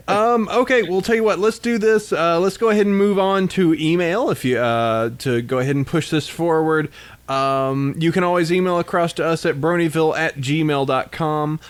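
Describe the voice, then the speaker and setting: A man's voice: fairly high pitch, normal speed. A man hosting a casual podcast, laughing often and reading out listener email. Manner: laughing, animated, reads listener emails aloud. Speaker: podcast host.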